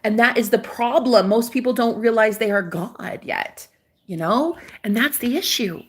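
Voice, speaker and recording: A woman's voice: on the high side, normal speed, slightly rough. A young woman hosting her own spiritual channel, who talks to the camera in a casual but preachy way, swears freely and calls her viewers baby.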